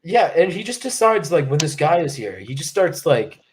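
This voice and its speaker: Young guy on a podcast, rambling and swearing, says "like" nonstop, lively casual storytelling. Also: fairly high pitch, normal speed, background noise. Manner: rambling, profane, lots of "like" fillers. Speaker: podcast co-host. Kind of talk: casual storytelling to a live chat.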